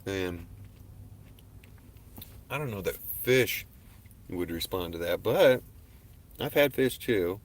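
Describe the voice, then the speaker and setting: A man's voice: deep voice, animated, slow, long pauses. A man hosting a casual livestream, talking in a rambling, laid-back, slangy way into his webcam. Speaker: livestream host. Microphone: webcam on a desk.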